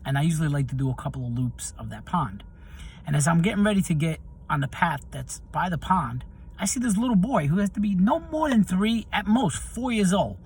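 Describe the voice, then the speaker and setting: This middle-aged man's voice is a little high, slightly rough, and a little fast. Working as a video host, he shares personal stories straight to camera in a casual, storytelling way, getting heated as he recalls what made him angry.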